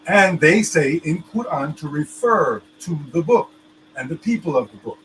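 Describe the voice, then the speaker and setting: A man's voice: on the high side, animated, normal speed, a bit bright, slight background noise, poor audio. A man explaining things in casual chat, loose and full of fillers, often checking that his listener understands.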